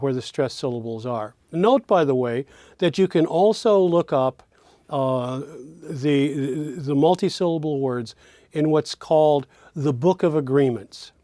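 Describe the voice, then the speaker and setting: Male teacher, slightly high voice, unhurried and demonstrative, repeats example words, dry close sound. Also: warm tone, no room sound. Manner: slow, demonstrative, repeats words to show their melody. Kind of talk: recorded lesson.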